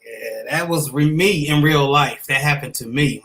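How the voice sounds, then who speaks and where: Bright-voiced, upbeat podcast co-host. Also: male voice, a little high, normal speed, few pauses. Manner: upbeat, reads sponsor ads, tells stories. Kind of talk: casual live-stream chat.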